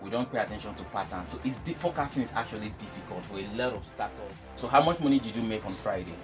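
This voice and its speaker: Male business guest, animated and emphatic, clear music bed behind. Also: fairly low pitch, quick pace. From Nigeria. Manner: animated, emphatic, laughs often. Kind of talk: casual chat.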